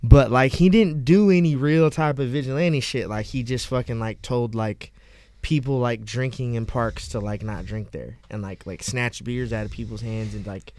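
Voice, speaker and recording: A man with a smooth, resonant, mid-range voice chats loosely on a podcast. He jokes, swears and fills gaps with "like". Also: mid-range voice, moderate pace, a little mellow, no room sound. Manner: rambling, joking, lots of fillers. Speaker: podcast co-host. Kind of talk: casual profane chat.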